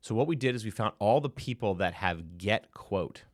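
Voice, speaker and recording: A man's voice: lowish voice, lively intonation, moderate pace, no room sound, clean studio sound. A man teaching a casual screen-share tutorial on building AI agents, chatty and hyped, with sudden playful outbursts, recorded on a desk mic in a small room.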